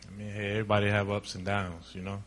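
A grumbling, put-out husband , played by a man in an amateur skit, mutters his way through the morning in a fairly low voice. His manner is sulky and defensive. It is plain, unpolished acting with little staging. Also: little pitch movement, quick pace, fairly bright tone, a little hiss or hum, natural voice. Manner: sulky, defensive, then apologetic. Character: grumpy frustrated husband heading to work.

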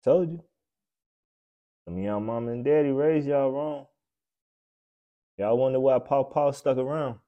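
A man hosting a podcast, delivering a blunt, profane, preachy comedic rant that swings between loud outbursts and low mutters. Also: a little slow, pauses often, phone-quality sound. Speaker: podcast host.

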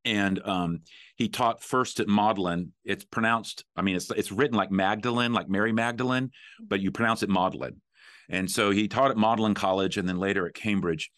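A middle-aged man hosting a podcast, talking in a relaxed way with fillers and restarts. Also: lowish voice, brisk, dry recording, clean studio sound. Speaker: podcast host. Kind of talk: conversational podcast talk.

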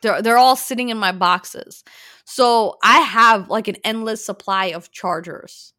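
A woman hosting a casual podcast, animated and talking straight to her listeners about the news. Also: mid-range voice, unhurried, dry recording, studio quality. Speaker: podcast host presenting news. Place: lives in New York.

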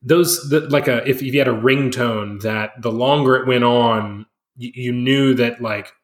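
A man's voice: mid-range voice, steady tone, unhurried. A man co-hosting a casual podcast chat, hesitant, with frequent restarts, often checking with "right?". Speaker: podcast co-host.

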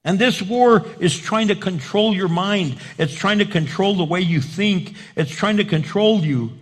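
A man's voice: high-pitched, a little slow. A male pastor preaching a sermon with emphatic repetition and rhetorical questions.

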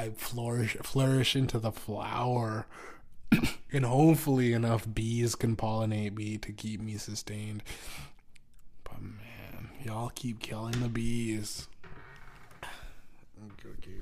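A young man hosting a solo podcast with a sore throat, ranting in a profane, rambling way that swings between heated outbursts and low mumbling. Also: darkish tone. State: sore throat, clearing his throat. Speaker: podcast host.

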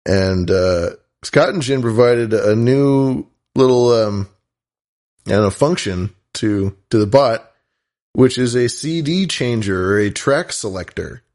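A man's voice: mid-range voice, expressive, slow. A man co-hosting a casual podcast, joking around and reading out thanks to listeners. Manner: joking, reads listener shout-outs. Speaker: podcast co-host.

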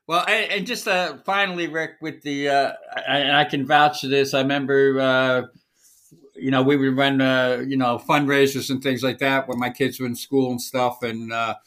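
Middle-aged man, halting co-host. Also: mid-range voice, fairly even intonation, fairly bright tone. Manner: halting, full of "uh" and restarts. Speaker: podcast co-host. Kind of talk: casual conversation.

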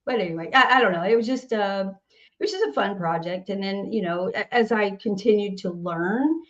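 A woman's voice: mid-range voice, normal speed, fairly bright tone. Chatty Southern woman with a muffled sound. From Nashville, Tennessee. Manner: chatty, laughs often, trails off and restarts. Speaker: singer-songwriter guest. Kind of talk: casual interview chat.

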